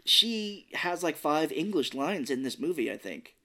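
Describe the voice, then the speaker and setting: A man's voice: a little high, lively intonation, normal speed. A man co-hosting a podcast, chatting casually about a movie and acting out lines in silly voices. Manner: rambling, acts out quotes in silly voices. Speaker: podcast co-host. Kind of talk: casual movie-review chat.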